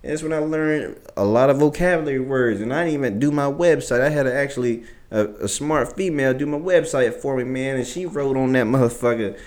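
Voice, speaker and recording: A man's voice: a little fast, hardly any pauses. A man guest in an interview, telling a story in casual, profane speech and acting out the things people said to him. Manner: profane, swears constantly; acts out quoted exchanges, jumping higher and louder.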